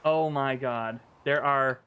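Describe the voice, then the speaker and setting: A man streaming live, reacting to a trailer with excited, swear-filled gushing like a fanboy. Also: mid-range voice, slow pace, clear, resonant tone, muffled recording.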